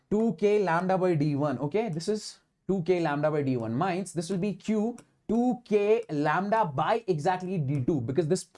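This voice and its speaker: A man's voice: high voice, animated, moderate pace, darkish tone. An Indian man leads an online physics lecture for exam students. He talks emphatically and repeats key phrases, pushing the class to follow each step. He drops Hindi words into his English as he works through problems. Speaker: physics teacher.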